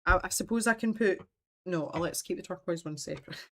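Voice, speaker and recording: A woman's voice: fairly low pitch, a little fast, a bit bright. Chatty Scottish woman sorting pencils. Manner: chatty and meandering, laughs often. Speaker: art livestream host. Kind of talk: casual livestream chat.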